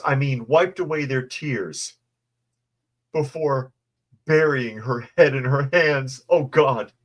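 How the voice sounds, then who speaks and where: A man's voice: mid-range voice, lively intonation, takes it slowly. A man hosting a casual news commentary show, reading articles and viewer chat with sarcastic, mocking asides. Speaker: host.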